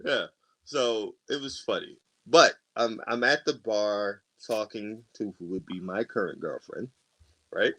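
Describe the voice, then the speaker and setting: A man's voice: lowish voice, a little slow, a bit bright. A man co-hosting a podcast, telling a story in casual chat with lots of profanity and laughter. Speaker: podcast co-host.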